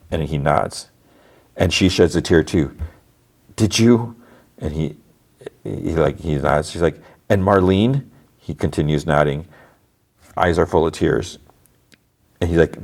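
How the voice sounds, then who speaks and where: A podcast host with a very low, deep voice talks through a show's plot in a relaxed, chatty way. He keeps slipping into quoted dialogue and lifts his voice for the characters. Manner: retells scenes with quoted lines, rising higher for quoted characters. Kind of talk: casual episode recap.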